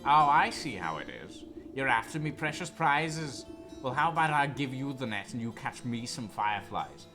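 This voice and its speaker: A man's voice: mid-range voice, very animated, moderate pace, over music, close to an everyday voice. A man voicing a cheeky young country boy in a game, boastful and grabby with a folksy drawl.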